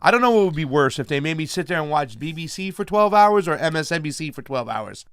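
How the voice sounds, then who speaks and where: A man's voice: fairly high pitch, expressive, quick pace, clear, resonant tone, no room sound, studio quality. A man talking as a guest on a political chat, blunt and mocking, swearing freely.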